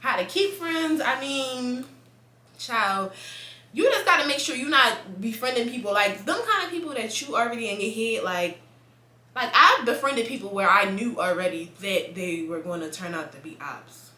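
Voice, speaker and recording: A young woman, chatting casually to camera in a blunt, profane and animated way, laughing often. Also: on the high side, normal speed, reverberant. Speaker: vlogger.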